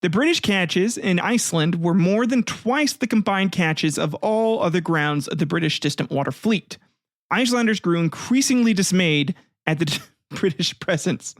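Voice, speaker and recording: A man's voice: sits high, lively intonation, normal speed, no echo, clean studio sound. A man hosting a casual comedy history podcast, rambling and swearing, laughing often as he retells events. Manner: profane, rambling, laughs often, acts out voices. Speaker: podcast host.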